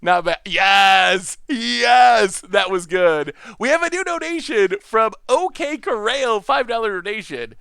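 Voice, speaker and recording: A man's voice: sits high, expressive, takes it slowly, creaky, hardly any pauses, sharp tone, smooth, no room sound, studio quality. A man streaming an online card game, thinking aloud in chatty commentary, laughing often and restarting his phrases. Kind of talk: live gameplay commentary.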